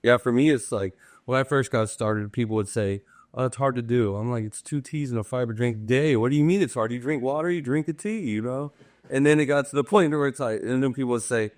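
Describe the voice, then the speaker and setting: A man's voice: medium pitch, brisk, darkish tone, no room sound. A man on a team, a guest in an interview, talking in an upbeat way and sounding incredulous as he retells the objections he hears. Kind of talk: casual interview talk.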